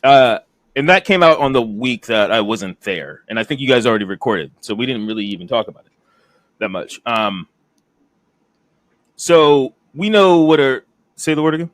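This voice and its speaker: A man co-hosting a casual wrestling review podcast, animated and laughing often. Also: medium pitch, moderate pace, no room sound. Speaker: podcast co-host.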